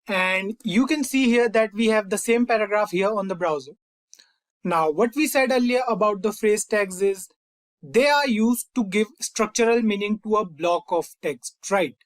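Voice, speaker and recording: A man's voice: high-pitched, no echo. A man teaching a screen-recorded coding tutorial, explaining step by step and addressing viewers as "you guys". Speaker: coding instructor.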